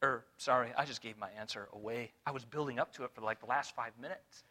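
A man preaching an expository Bible lesson to a room of listeners, animated and full of rhetorical questions. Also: medium pitch, quick pace. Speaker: Bible teacher. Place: room with a live audience.

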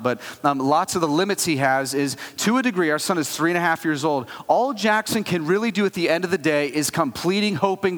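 A man in his thirties preaching a sermon as a pastor, talking in a conversational, animated way with frequent asides. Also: medium pitch. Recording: long hall reverb.

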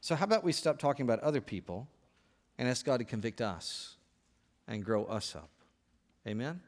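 A male pastor preaching a sermon from the pulpit. He speaks with firm emphasis, repeating words and restarting phrases as he drives his points home. His voice sits in a middle pitch range. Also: animated, moderate pace, long pauses.

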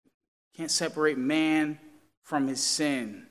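High-voiced slow impassioned preacher, reverberant hall. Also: male voice. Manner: impassioned preaching, rising to loud questions and dropping low. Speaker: pastor. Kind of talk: sermon.

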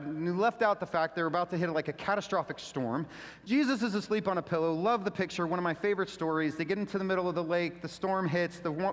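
Male pastor, high-pitched, casual slangy preacher with lots of energy, long reverb. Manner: casual, animated, slangy delivery. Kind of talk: sermon.

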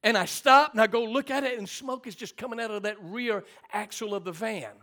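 This sermon comes from a middle-aged man whose high voice has a sharp edge and a fairly quick pace. Standing in a church sanctuary, he spins stories and draws amens from the congregation through call and response.

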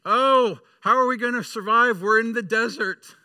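Guy doing a high whiny crowd, wailing and complaining, bright and dry. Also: normal speed, dry recording, heavily acted. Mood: whining. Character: whiny frightened crowd of wandering adults.

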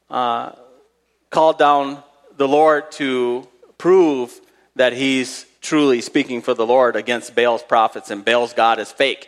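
A man's voice: mid-range voice, clean tone, big-room sound. A man preaching a sermon, reading scripture aloud and retelling Bible stories in a conversational way with dramatic emphasis.

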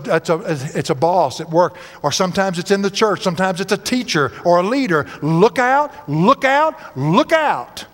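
A pastor delivers a sermon, mixing scripture with folksy stories. His voice sits a little high for a man, and he repeats phrases and climbs into sudden emphatic rises. The sound carries the long reverb of a large church hall.

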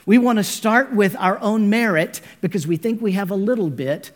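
A man's voice: sits high, moderate pace. A man preaching a sermon with emphasis, calling his listeners friends. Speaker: pastor.

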